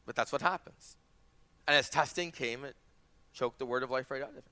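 A man's voice: mid-range voice, brisk, sharp tone. A man in his forties, a pastor, preaching a sermon in a conversational way, with asides and quoted dialogue. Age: 40s.

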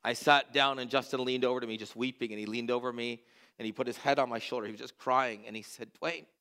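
Bright-voiced pastor telling stories in a sermon. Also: male voice, mid-range voice, steady tone, fast talker. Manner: earnest, drops to a hushed voice at emotional moments. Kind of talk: sermon storytelling. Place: church.

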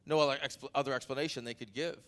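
Forceful bright-voiced male pastor preaching. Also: steady tone, racing. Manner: conversational preaching with an anecdote, building to emphatic peaks then dropping low. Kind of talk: sermon.

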